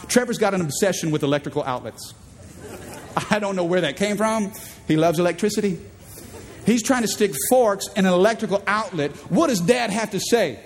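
A man preaching a sermon as pastor, animated and playful, acting out voices in the stories he tells. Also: a little fast, in a large hall, slight background noise. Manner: animated, acts out quoted voices in high pitch.

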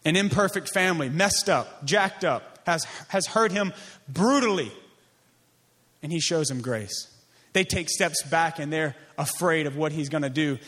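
High-voiced man preaching with emphasis. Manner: emphatic, repetitive preaching cadence; drops to a soft, slow voice on key lines. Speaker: pastor. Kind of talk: sermon.

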